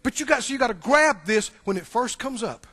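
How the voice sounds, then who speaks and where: A middle-aged man preaching a sermon as pastor, swinging between loud outbursts and soft asides, chuckling between points. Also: extremely high pitch, animated, brisk.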